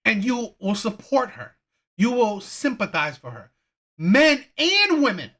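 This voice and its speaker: A man's voice: high voice, very animated, measured pace, pushed and bright. A man hosting a reaction channel, ranting heatedly with frequent profanity and repeated phrases. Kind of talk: reaction commentary rant.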